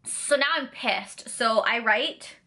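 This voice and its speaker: A young woman from Canada vents in a blunt, sarcastic rant full of swearing. Her voice is bright and forceful and sits a little high. She talks casually to camera. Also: slow pace. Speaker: vlogger. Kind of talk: ranting vlog.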